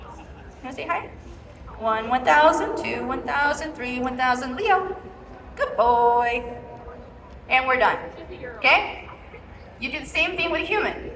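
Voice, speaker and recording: A woman's voice: sits high, measured pace, pauses often, a bit bright, slight background noise. A woman dog trainer giving a live demonstration, coaching handlers step by step and checking in with a repeated "okay?". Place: large indoor expo hall. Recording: echoey hall from far off.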